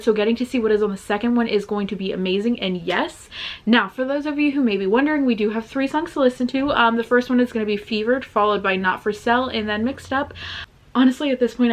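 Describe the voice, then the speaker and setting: A young woman hosting a music reaction video, talking casually to her viewers and gasping and stammering with excitement as she listens. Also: a little high. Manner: talks straight to viewers. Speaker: reaction channel host.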